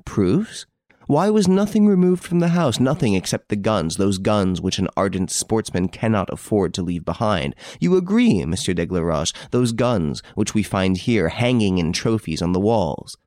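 A man voicing a cool, assured gentleman detective in an audiobook, speaking firmly and insistently. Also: fairly low pitch, big pitch swings, moderate pace, no room sound, studio quality. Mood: accusing. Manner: firm, insistent, accusing.

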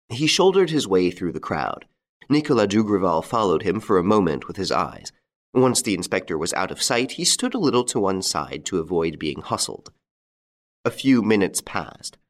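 A man narrating a classic crime story aloud in an expressive, dramatic way. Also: deep voice, moderate pace. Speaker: audiobook reader.

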